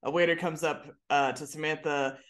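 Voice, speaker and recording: A woman hosting a podcast, recapping a TV episode in casual, animated storytelling. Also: sits low, moderate pace. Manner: animated storytelling, laughs often. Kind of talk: casual chat.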